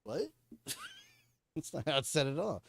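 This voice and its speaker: A man co-hosting a casual podcast, chatting excitedly and swearing as he rants about shows. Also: fairly high pitch, a little slow, gravelly. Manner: excitable, profane ranting with frequent laughs. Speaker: podcast co-host. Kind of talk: casual chat.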